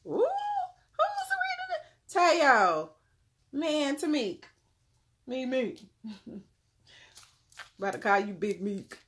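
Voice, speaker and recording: A woman's voice: high-pitched, wildly swooping pitch, very slow, long pauses, fairly bright tone, a little hiss or hum. A woman giving a casual tarot reading on a live stream, laid-back and slangy, calling her viewers "beloved".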